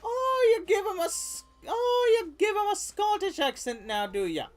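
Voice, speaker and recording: Brief: a streamer doing a squeaky angry Irish heckler, far off the mic. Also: sing-song, moderate pace. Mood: mocking.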